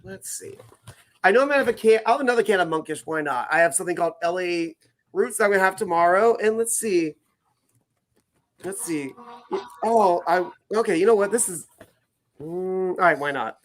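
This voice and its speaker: A man's voice: high-pitched, animated, brisk, pauses often, a bit bright, slight background noise. A man co-hosting a casual podcast, playful and hamming it up as he chats. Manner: playful, hams it up with mock French. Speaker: podcast co-host.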